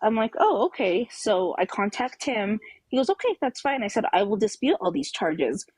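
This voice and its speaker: A woman's voice: mid-range voice, lively intonation, moderate pace, darkish tone, breathy edge, no echo, poor audio. A woman caller on a live talk show telling a personal story emphatically, acting out the quoted dialogue. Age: adult with children.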